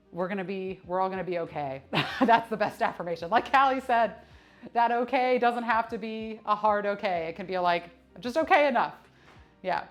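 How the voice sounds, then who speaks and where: A woman's voice: fairly high pitch, a bit bright. A woman in her thirties chatting candidly on a live fitness stream, laughing often and swearing freely. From United States. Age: 30s. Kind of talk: casual live-stream chat. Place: gym. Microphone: streaming camera mic.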